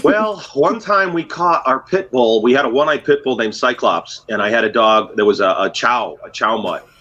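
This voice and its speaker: A bright-toned man with a high, bouncing voice tells rambling jokey stories on a video call. The call audio sounds dull and lo-fi. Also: moderate pace. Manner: lively, jokey storyteller. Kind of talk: casual chat on a live stream.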